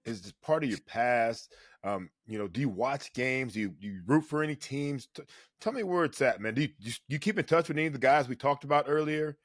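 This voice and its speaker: A man's voice: medium pitch, fairly quick, no room sound, clean studio sound. A man hosting a podcast, asking a guest questions in an enthusiastic, casual way. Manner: enthusiastic, keeps saying "man". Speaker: podcast host. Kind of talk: casual interview chat.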